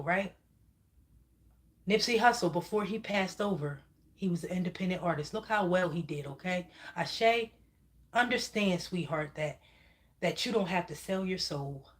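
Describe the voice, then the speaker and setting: Emphatic woman giving a psychic reading. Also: fairly low pitch. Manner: emphatic, repeatedly asks "okay?", swears when heated. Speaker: spiritual reader channeling messages.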